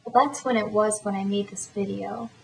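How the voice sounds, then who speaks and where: A woman's voice: medium pitch, fairly even intonation, normal speed, creaky, echoey room, a little hiss or hum, rough recording. A teenage girl vlogger telling a story in a chatty, rambling way. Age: teens. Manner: chatty and rambling, lots of fillers. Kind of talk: casual storytelling to camera.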